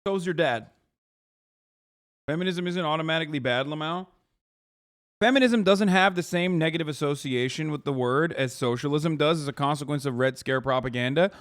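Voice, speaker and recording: A man's voice: on the high side, fairly quick, a bit bright. Heated, profane male streamer ranting. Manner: heated, profane, mocking impressions of critics. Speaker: streamer host. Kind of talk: casual political rant to chat.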